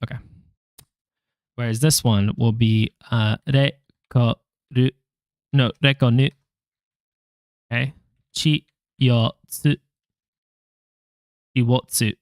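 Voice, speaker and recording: Speaking slowly and pausing often, a young man mutters syllables one by one while drilling flashcards, joking to viewers about his own mistakes. His medium-pitched voice has a darkish tone and fairly even intonation. He's a language learner vlogger, recorded in a clean studio with no room sound.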